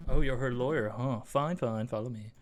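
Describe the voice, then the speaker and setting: A man's voice: mid-range voice, moderate pace, darkish tone, soft background music, close to an everyday voice. A man voicing an impatient prison guard who talks curtly. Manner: curt, impatient.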